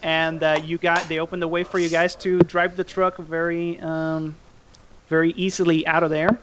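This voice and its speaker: A man with a fairly high voice narrates a tabletop game as game master. He speaks in a relaxed way, filling pauses with plenty of "uh" and "um". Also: muffled recording.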